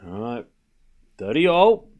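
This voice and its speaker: A man's voice: medium pitch, sing-song, takes it slowly, a little mellow. An Australian man hosting a live tennis watchalong stream, calling the score in a casual, chatty way and often laughing at himself.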